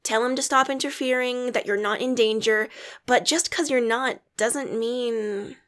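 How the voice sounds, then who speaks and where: A woman voicing a gentle, affectionate, motherly woman in a fan story reading. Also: fairly high pitch, steady tone, measured pace. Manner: gentle, coaxing.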